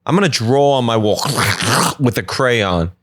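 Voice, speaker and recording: A man hosts a solo comedy podcast from his apartment. He rambles from joke to joke with quick asides in an ordinary mid-range voice. The sound is dry and close. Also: medium pitch, expressive, a bit bright, dry recording. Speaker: podcast host.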